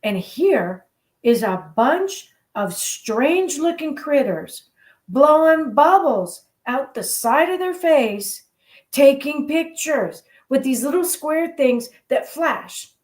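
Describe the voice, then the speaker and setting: A woman hosting a radio show, telling a motivational story in an animated, playful way. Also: high voice, slow pace. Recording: roomy echo.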